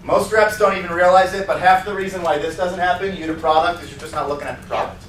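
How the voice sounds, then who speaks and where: A man training salespeople at a seminar, talking in a lively way and acting out demo scenes. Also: sits high, fast talker. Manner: lively, acts out scenes in put-on voices. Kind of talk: animated seminar teaching. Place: seminar room. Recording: roomy sound from a distant mic with faint noise.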